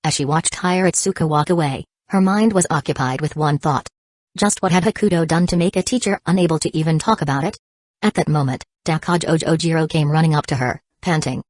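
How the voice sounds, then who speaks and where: Low-voiced woman narrating an audiobook. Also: a little fast, darkish tone, dry recording.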